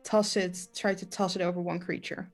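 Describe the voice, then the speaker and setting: Woman tabletop player, lowish flat voice, matter-of-fact, faint music behind. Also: moderate pace. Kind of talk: describing her character's actions in a tabletop game.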